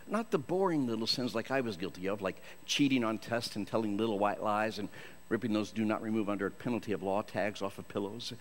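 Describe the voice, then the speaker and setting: A man's voice: medium pitch, animated, a little fast, fairly bright tone. A man from Michigan, a Christian actor, giving a humorous storytelling sermon in a self-deprecating, jokey way.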